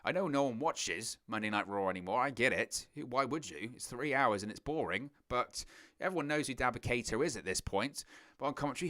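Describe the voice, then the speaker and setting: A man's voice: medium pitch, fairly quick. A man giving a casual spoken review of a wrestling event, repeating phrases and jumping his voice up when he mocks. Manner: animated, repeats phrases, voice jumps up when mocking. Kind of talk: casual opinion monologue.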